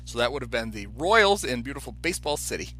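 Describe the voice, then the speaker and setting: With soft music in the background, a man on a podcast he co-hosts tells a lively story in casual chat, quickly and in a mid-range voice, acting out the quoted speakers.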